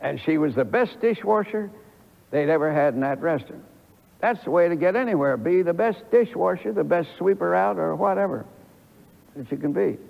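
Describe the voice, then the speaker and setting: An older man preaching a sermon to a congregation in a church, telling a folksy story with lively emphasis. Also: sits high, moderate pace, creaky. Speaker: pastor. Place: church sanctuary before a congregation. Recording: echoey, dull old archival church recording.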